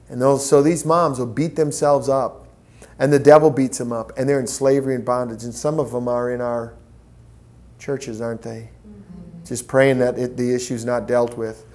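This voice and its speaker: A man giving a training talk to volunteers, telling stories in a preacherly, animated way. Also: medium pitch, moderate pace. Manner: preacherly, storytelling, lively acted quotes. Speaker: pro-life petition trainer.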